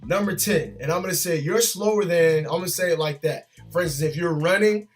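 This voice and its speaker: A man's voice: on the high side, brisk, faint music behind. A man who is an army drill sergeant, vlogging from his gaming chair at home in a loose, chatty way. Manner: loose and chatty, often tags "man" and "bro". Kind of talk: casual reaction vlog.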